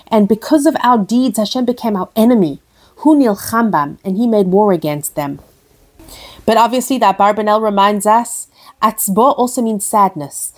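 A woman's voice: medium pitch, darkish tone. Woman giving a torah class, earnest, words with that sound, translates as she goes. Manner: earnest, translates each Hebrew phrase into English. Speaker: Torah teacher. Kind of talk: explaining verses line by line.

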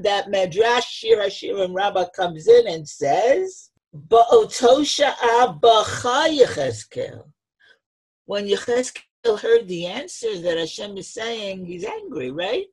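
A woman's voice: fairly high pitch, very animated, takes it slowly, vocal fry, a little mellow, breathy edge. A woman teaching a text-study lesson, reading each source phrase and then explaining it, retelling scenes with dramatic emphasis. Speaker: Torah teacher.

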